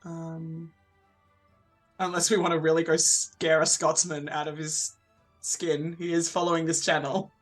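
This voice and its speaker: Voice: mid-range voice, flat delivery, unhurried, soft background music. A stream co-host in casual end-of-stream chat, rambling with many fillers and restarts.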